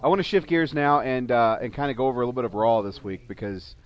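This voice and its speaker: Stammering wrestling co-host, dull audio. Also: male voice, medium pitch, expressive. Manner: halting, stammers on restarts. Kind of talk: casual chat.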